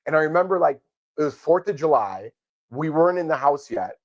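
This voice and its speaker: A man's voice: a little high, lively intonation, brisk, lo-fi sound. A middle-aged man co-hosting a casual live chat about a reality show, telling rambling, sentimental stories. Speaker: co-host of a reality TV podcast.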